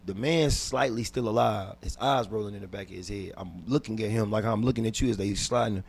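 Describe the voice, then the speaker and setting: A man's voice: fairly low pitch, quick pace, creaky, breathy edge. Intense man telling a story. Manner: intense, swings from hushed to loud; repeats words and restarts while recounting. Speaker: guest comedian. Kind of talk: telling a personal story in a podcast interview.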